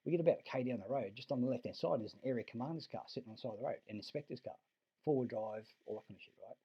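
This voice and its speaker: A man's voice: medium pitch, very fast, breathy edge, muffled recording. A man with an Australian accent telling a long, rambling story in a casual monologue, swearing freely and restarting his sentences often. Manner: rambling and profane, many restarts.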